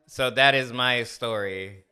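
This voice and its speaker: A podcast co-host in his thirties tells a candid personal story in a casual, animated way, performing the dialogue as he goes. His medium-pitched voice is smooth, and he takes his time.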